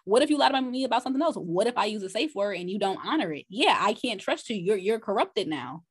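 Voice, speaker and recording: A woman guest on a podcast, telling a personal story in an animated, profane, casual way with lots of restarts. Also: mid-range voice, fast, husky.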